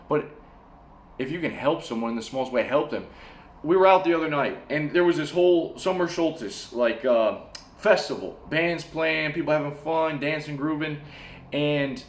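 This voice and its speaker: A man vlogging advice and stories in a casual, slangy way, sweating in a warm room with the air conditioner off. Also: fairly high pitch, roomy sound, a little hiss or hum. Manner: animated storyteller, slangy, says "bro" and "man". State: sweating from the heat.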